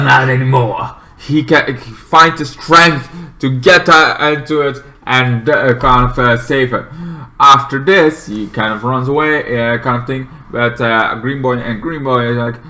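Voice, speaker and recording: A man's voice: mid-range voice, pushed and bright. A man reviewing a show in casual chat, rambling with lots of fillers. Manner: rambling, full of fillers and restarts.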